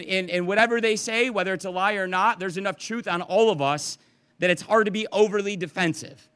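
Male pastor, conversational verse-by-verse sermon, earnest and animated; bright, forward tone. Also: sits high, clear, resonant tone.

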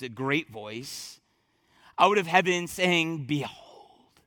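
A male pastor delivers a sermon in a high, bright voice, talking casually and restarting phrases as he goes. The sound is dry and close, with little room around it. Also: no echo. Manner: conversational preaching with frequent restarts and asides.

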